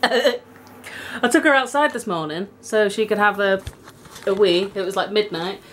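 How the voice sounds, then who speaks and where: Filming on a handheld camera in her home, a young woman coos baby talk at her dog, gasping and giggling, with dog sounds nearby. She speaks in a mid-range, slightly bright voice at an unhurried pace, with slight background noise.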